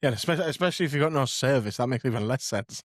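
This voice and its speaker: A man's voice: mid-range voice, expressive, very fast, no room sound, studio quality. A man hosting a podcast, chatting casually and reacting with brief, agreeing replies. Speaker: podcast host. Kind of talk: casual chat.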